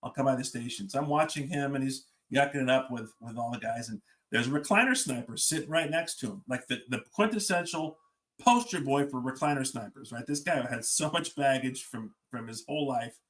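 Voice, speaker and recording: A man's voice: mid-range voice, brisk, fairly bright tone. A middle-aged man, a fire service leader, telling a story on a podcast and acting out the dialogue as he goes.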